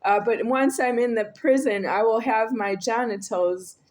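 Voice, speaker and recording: Slow-talking woman in a rambling monologue. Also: a little high. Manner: rambling, repetitive, swings between quiet and raised. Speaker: video creator. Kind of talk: rambling solo monologue to camera.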